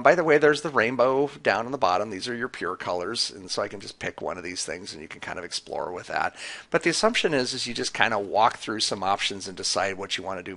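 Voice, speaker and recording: Guy narrating a screen tutorial, kinda low and gravelly, lots of ums. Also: pushed and bright. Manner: casual, talks through clicks with fillers. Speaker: tutorial presenter. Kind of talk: screen-recorded software tutorial.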